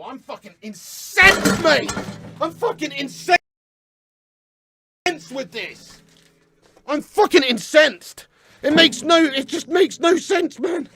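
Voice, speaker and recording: High, gravelly, shouting Englishman ranting. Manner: furious, heavily sweary, shouting rant. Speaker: fan reaction host. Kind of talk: ranting reaction video.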